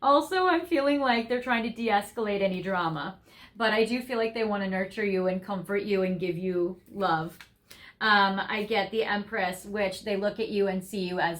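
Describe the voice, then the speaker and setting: A young woman giving a tarot reading to viewers, gushing and effusive, laughing often as she talks through the cards. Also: medium pitch. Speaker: tarot reader.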